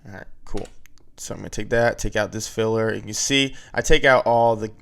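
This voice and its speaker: A man's voice: on the low side, steady tone, brisk, creaky, fairly bright tone. A man teaching video editing in a casual, step-by-step way, often checking in with "right?". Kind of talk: screen-recorded editing tutorial.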